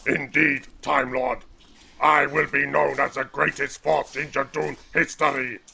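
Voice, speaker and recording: A man voicing a gravelly alien captain. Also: medium pitch, level tone, measured pace, bright, forceful tone, a little hiss or hum, heavily acted. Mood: menacing. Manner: commanding, menacing. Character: gruff rhino-like alien male captain, ruthless. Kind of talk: fan audio drama acting.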